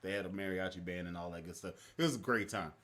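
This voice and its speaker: A young man, hosting a casual stream chat in an animated, rambling way that is full of laughter. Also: deep voice, fast. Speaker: stream host.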